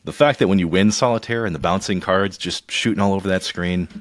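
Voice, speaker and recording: A man co-hosting a podcast in casual chat, joking and playful with quick asides. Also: sits low, no room sound, studio quality. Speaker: podcast co-host.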